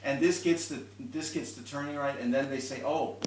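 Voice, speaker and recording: A violin teacher gives a one-on-one lesson, patiently explaining, demonstrating, and restarting as he goes. His medium-pitched voice has fairly even intonation and a slightly fast pace. The recording is roomy and distant, with some background noise.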